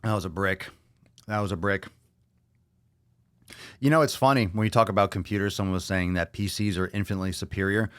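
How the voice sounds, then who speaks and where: Low-voiced man ranting casually on a podcast. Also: steady tone, fairly quick, long pauses, fairly bright tone, clean tone, no room sound. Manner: loose, profane, joking, puts on silly voices. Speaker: podcast host. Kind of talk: casual solo podcast rant.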